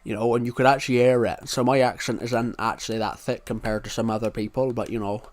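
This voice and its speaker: A man's voice: mid-range voice, fairly even intonation, fast. Rambling British man streaming a game. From United Kingdom. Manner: rambling, repeats himself, narrates each move. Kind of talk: live gameplay commentary.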